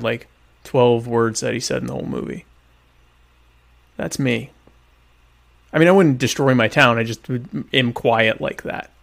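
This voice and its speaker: A man chatting casually to viewers while eating dinner, rambling and joking with deadpan irony about being a quiet type. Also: medium pitch, creaky. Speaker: vlogger answering viewer questions. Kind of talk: casual comedic chat.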